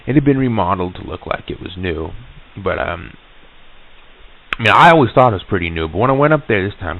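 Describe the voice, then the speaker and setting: Gravelly low man on tinny old tape. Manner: halting, stammering restarts. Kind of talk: recorded storytelling monologue.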